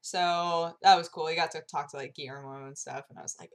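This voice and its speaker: A woman's voice: deep voice, fairly even intonation, quick pace. Bubbly young woman with a sore throat. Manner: bubbly, gushing, heavy use of "like". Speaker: vlogger. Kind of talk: casual vlog chat.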